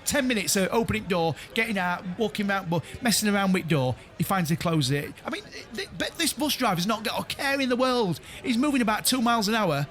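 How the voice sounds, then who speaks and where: A man's voice: high-pitched, expressive, quick pace, hardly any pauses, fairly bright tone, soft background music. A man, co-hosting a casual chat among friends and telling a rambling story full of restarts and laughter. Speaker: podcast co-host.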